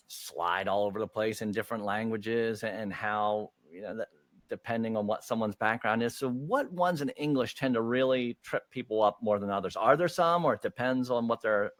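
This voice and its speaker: A man's voice: fairly low pitch, moderate pace, no room sound. A man hosting a casual interview, chatty with plenty of fillers and easy laughter. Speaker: podcast host.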